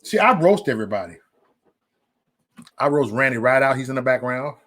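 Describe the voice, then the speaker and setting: A man hosting a casual livestream, joking loudly and cursing, breaking into laughter often. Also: medium pitch, very animated, moderate pace. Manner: loud, joking, profane banter with frequent laughs. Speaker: live stream host.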